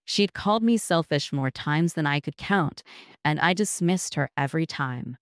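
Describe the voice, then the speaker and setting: Woman narrator, low voice, measured and reflective first-person storytelling, dry close sound. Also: expressive, no echo.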